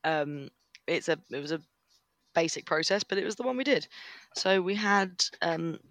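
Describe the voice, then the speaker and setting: A man's voice: on the high side, animated, moderate pace, a bit bright, dry recording. A man co-hosting a podcast, telling crude workplace stories in a wry, casual way. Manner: crude, wry storytelling with laughs. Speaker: podcast co-host. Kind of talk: casual storytelling chat.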